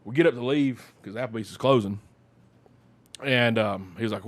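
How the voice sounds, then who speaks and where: Storytelling man, mid-pitched. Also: normal speed. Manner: rambling, animated anecdote-telling with acted-out quotes. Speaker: podcast guest storyteller. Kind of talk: casual storytelling chat.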